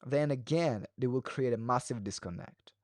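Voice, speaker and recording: A man teaching a live webinar as a speaking coach, talking quickly with many fillers and restarts and shifting his pace and pitch for emphasis. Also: a little mellow, no room sound. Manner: fast talker who varies pace and pitch; moves hands and head while talking.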